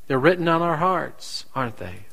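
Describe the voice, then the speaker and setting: A man preaching a sermon as pastor, slow and deliberate, asking the congregation rhetorical questions. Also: on the high side, lively intonation, gravelly, a bit bright, rough recording.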